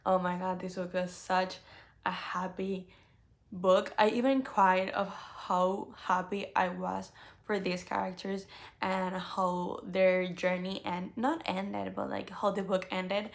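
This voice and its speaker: Gushing young woman with a gravelly edge. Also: mid-range voice, slow pace. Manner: gushing, animated, with many "like" fillers. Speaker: book vlogger. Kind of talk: casual book tag chat.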